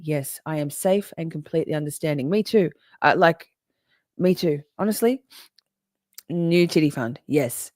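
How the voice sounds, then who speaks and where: Chatty woman, low dry voice. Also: no echo. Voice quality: chatty, swears freely, laughs often. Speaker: livestream host reading chat. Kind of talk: casual live chat with viewers.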